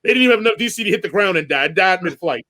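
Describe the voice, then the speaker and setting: A man co-hosting a podcast, giving an animated, jokey movie rant with swearing in a casual chat. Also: sits high, racing. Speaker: podcast co-host.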